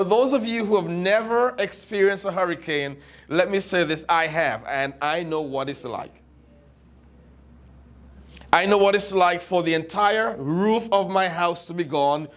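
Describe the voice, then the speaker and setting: Slow, emphatic male preacher, high voice. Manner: slow, emphatic, repeats key phrases. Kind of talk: sermon.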